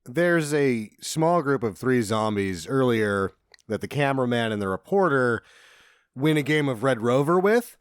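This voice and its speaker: Animated man retelling movie scenes. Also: medium pitch, a little slow, clean tone, no room sound, studio quality. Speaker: podcast co-host. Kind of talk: casual movie-riffing chat.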